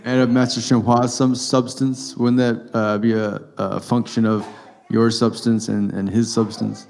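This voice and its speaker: A man asking his teacher a question in a hesitant, halting way. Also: mid-range voice, flat delivery, vocal fry, a little mellow.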